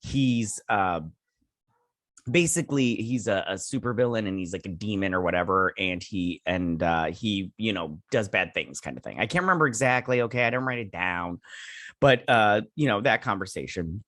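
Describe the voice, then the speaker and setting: A man's voice: fairly low pitch, lively intonation, normal speed, a bit bright, no echo, studio quality. A man hosting a casual episode recap and review, rambling through the plot with lots of fillers and sassy asides. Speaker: show reviewer, host.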